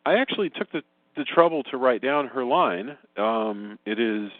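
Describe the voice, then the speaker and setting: A man co-hosting a podcast, chatting casually about a movie with rambling restarts and sudden pitch jumps. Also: animated, moderate pace, dry recording. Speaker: podcast co-host. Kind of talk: casual movie review chat. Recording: dry tinny phone-like audio.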